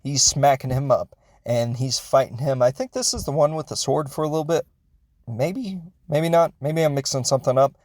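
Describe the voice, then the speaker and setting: Young guy, comedic film reviewer, rambling jokey recap, mid-pitched, dry close sound. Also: normal speed, darkish tone, no echo. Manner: jokey, goofy, self-correcting, makes sound effects.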